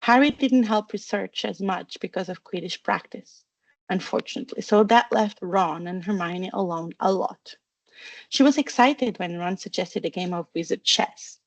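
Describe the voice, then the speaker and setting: A woman narrating a fan fiction storybook with steady, even reading. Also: mid-range voice, moderate pace, no room sound. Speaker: audiobook reader.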